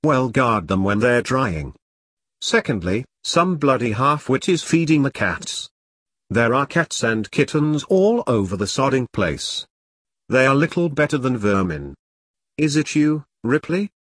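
A man's voice: mid-range voice, very animated, a little slow, husky, no room sound, studio quality. A man voicing an impatient British army major giving his troops curt orders. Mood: commanding. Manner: curt, commanding briefing tone. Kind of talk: audiobook character reading.

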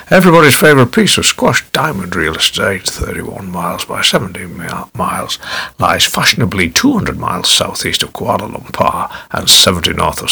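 A man narrating a novel in a wry, theatrical storytelling manner with a gravelly voice. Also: low voice, pushed and bright. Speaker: audiobook narrator.

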